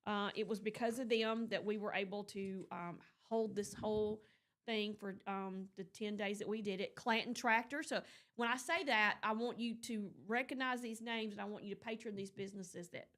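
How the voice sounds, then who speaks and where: A woman's voice: medium pitch, fairly even intonation, normal speed, a bit bright. A woman hosting a morning show, chatting casually and telling stories with lots of fillers. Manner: chatty storyteller, rambling with fillers. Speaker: radio morning show host. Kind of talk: casual on-air chat.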